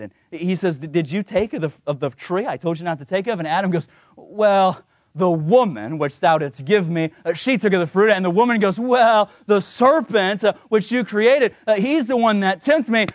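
A man with a fairly high voice preaches a sermon, working in a funny personal story and chuckling along the way. He brings the voices in his stories to life with a lively, shifting tone. The sound is close and dry, with no room echo. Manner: storytelling with self-deprecating humor and chuckles; acts out quoted voices in a lively, varying tone.

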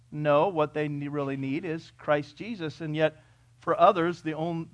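With a fairly high pitch and no echo in the audio, a male preacher addresses a church congregation. His sermon is emphatic and full of rhetorical questions, rising to loud declarations and dropping to near whispers.

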